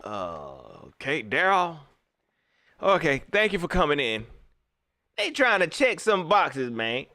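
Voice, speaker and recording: Bright, lively male host, emphatic casual live-stream rant, dry close sound. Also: fairly high pitch, a little slow, no echo. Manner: animated, emphatic, repeats phrases.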